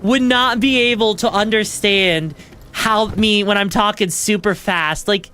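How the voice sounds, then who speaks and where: A woman's voice: medium pitch, measured pace, fairly bright tone, a little hiss or hum. A woman streamer chatting casually and rambling while she plays a game. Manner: rambling, chatty, lots of fillers. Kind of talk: casual gameplay commentary.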